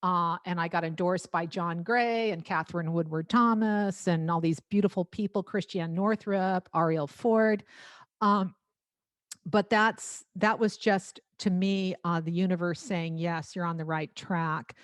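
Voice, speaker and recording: A woman singer-songwriter talking casually at an album launch, telling lively stories with frequent laughs and restarts. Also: on the low side, measured pace, no echo.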